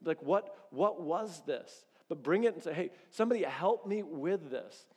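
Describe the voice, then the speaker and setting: A pastor in his thirties preaching a sermon in a casual, animated way, acting out little quoted exchanges. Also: on the high side, moderate pace, slightly rough. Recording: long reverb of a large hall.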